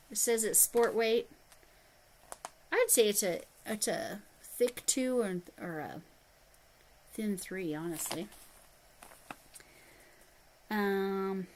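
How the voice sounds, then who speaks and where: A woman's voice: medium pitch, slow, long pauses, poor audio. Chatty woman hosting a yarn livestream. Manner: chatty, reads viewer comments aloud, handles yarn while talking. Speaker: livestream host. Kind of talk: casual livestream chat.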